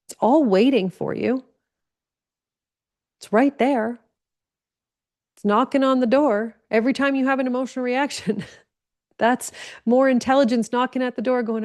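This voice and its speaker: A woman's voice: high voice, fairly even intonation, measured pace, long pauses, darkish tone. A woman giving an earnest spiritual teaching talk, stressing points by repeating phrases.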